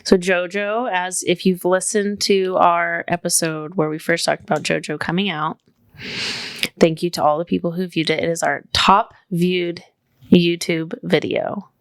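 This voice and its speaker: Low gravelly woman chatting on a podcast. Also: little pitch movement, unhurried. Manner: chatty, leans heavily on "like". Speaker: podcast co-host. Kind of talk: casual podcast chat. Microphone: studio microphone.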